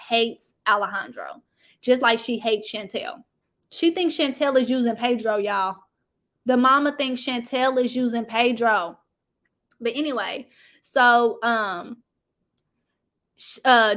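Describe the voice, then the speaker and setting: A woman hosting a casual reality-TV gossip chat, animated and chatty, talking straight to her viewers. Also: a little high. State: sniffling from allergies. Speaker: YouTube commentary host.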